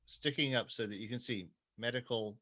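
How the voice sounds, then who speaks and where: A middle-aged man in casual chat who tells stories with energy, swears freely and jumps up in pitch when he quotes people. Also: moderate pace. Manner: animated storyteller, swears freely, jumps to high pitch when quoting others.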